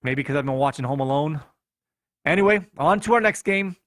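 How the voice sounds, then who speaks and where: Man, chicago accent, fantasy football recap, higher voice, dry close sound. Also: expressive, fairly quick, a bit bright, dry recording. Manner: playful, reads scores in a running recap. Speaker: podcast host.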